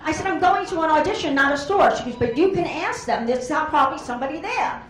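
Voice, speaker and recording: Brash high-voiced woman comedian. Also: animated, fast talker, faint music behind. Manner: brash, rambling storytelling with quoted voices. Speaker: stand-up comedian. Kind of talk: stand-up comedy set. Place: comedy club stage. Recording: echoey club room.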